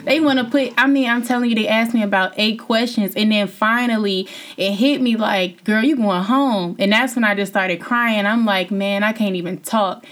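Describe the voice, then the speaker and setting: A young woman recounts being sent home from a reality competition in a loose, chatty interview. She talks at an everyday middle pitch, then her voice leaps up whenever she feels wronged, and she laughs as she goes. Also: normal speed, few pauses. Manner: animated, laughs, voice jumps high when indignant. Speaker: former reality show contestant, guest. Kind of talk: casual interview storytelling.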